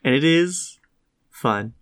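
A man's voice: mid-range voice, lively intonation, slow, fairly bright tone. A man co-hosting a casual podcast chat, sick with a cough, telling stories in a dry, wry way. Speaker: podcast co-host.

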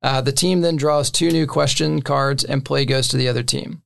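A man's voice: medium pitch, moderate pace, creaky. A man casually explaining the rules of a board game to friends, with many fillers and short laughs. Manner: relaxed, filler-heavy, laughs between points.

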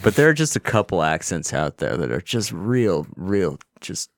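A man with a lowish voice riffs through a casual sports podcast. He is brash and profane and rambles quickly from one point to the next. The sound is dry and close to the mic. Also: big pitch swings, gravelly, no room sound. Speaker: podcast co-host.

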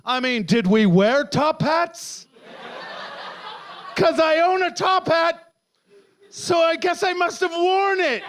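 A middle-aged man from Canada performs stand-up with an unusually high voice. He rambles, shouts lines for effect and laughs through his own bits. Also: takes it slowly, pauses often, slight background noise. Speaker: stand-up comedian. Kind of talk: live stand-up set. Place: comedy club stage.

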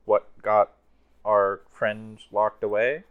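A man's voice: on the low side, flat delivery, takes it slowly, clean tone, narrow, tinny audio. A man playing a tabletop game, wry and incredulous in his remarks. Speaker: player. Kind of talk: tabletop role-play banter.

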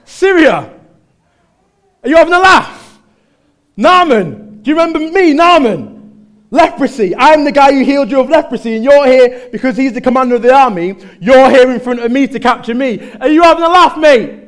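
A man voicing an incredulous prophet in a Mancunian accent, loud and mocking. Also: very high-pitched, expressive, moderate pace, voice pushed up. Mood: scoffing.

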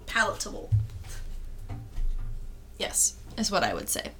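A woman's voice: medium pitch, wildly swooping pitch, takes it slowly, bright, forceful tone. A woman co-hosting a podcast in casual chat, often laughing at her own slips. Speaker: podcast co-host.

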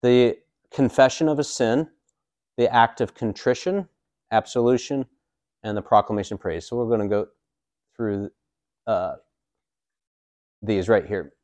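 A man's voice: lowish voice, measured pace, pauses often, a little mellow, no room sound. A man in his forties, a priest, teaching a catechism class in a casual, joking way with many fillers. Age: 40s.

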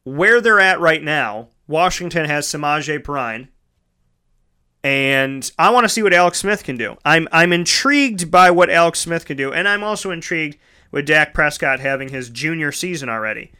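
A man's voice: a little high, lively intonation, moderate pace, bright, forceful tone, clean tone. A man hosting a casual solo sports talk show, chatty and rambling, correcting himself mid-sentence and calling his listeners folks.

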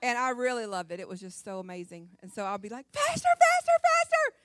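This Ohio woman, a guest speaker at church, gives a chatty, lively personal testimony in folksy storytelling that often restarts. Her mid-range voice is smooth and quick-paced, with no room sound.

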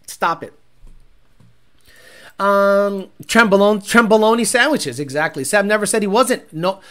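A man hosting a livestream and reading chat, talking bluntly and profanely, often bursting into loud shouts. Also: high voice. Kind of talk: casual ranting chat.

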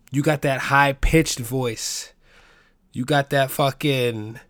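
A man hosting a solo comedy podcast, talking in a loud, hype-man style full of swearing. His voice sits mid-pitch and sounds close and dry, with no room around it. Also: dry recording. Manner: animated, profane, hype-man delivery. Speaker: podcast host.

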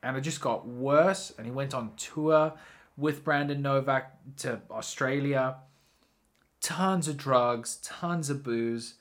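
Male podcast host, loose rambling storyteller, casual swearing, mid-pitched voice. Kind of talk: casual solo podcast monologue.

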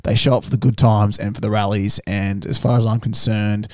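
A man's voice: fairly low pitch, flat delivery, a little fast, a little mellow, dry recording, clean studio sound. A young Australian man co-hosting a sports podcast, ranting bluntly with plenty of swearing and mockery. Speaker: podcast co-host. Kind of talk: casual sports podcast rant.

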